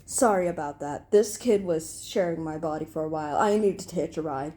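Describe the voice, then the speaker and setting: A woman voicing a gentle, soft-spoken man who pleads tenderly. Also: sits low, brisk, voice pushed down, natural voice. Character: gentle, hopeful husband figure, man.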